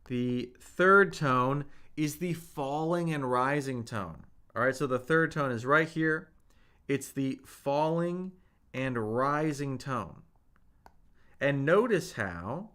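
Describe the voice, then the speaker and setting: A man's voice: a little high, sharp tone. A man teaching a live language lesson, patiently repeating each point and modelling spoken tones for his viewers. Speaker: Mandarin teacher.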